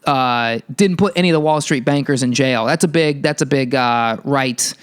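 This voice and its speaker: A male podcast host delivering a heated, profane ranting monologue, telling a story with animated energy. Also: mid-range voice, moderate pace, smooth.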